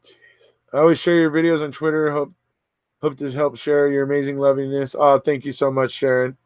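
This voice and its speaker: A man's voice: on the high side, little pitch movement, a little fast, clean tone, no echo. A man hosting a casual livestream, reading viewer comments aloud and answering them in a chatty way. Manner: chatty, reads comments aloud and answers, frequent restarts and fillers.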